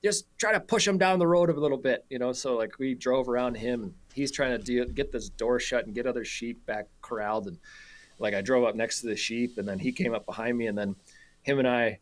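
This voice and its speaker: A man's voice: medium pitch, steady tone, brisk. A man guest on a radio show, telling a story casually with many fillers and frequent laughs.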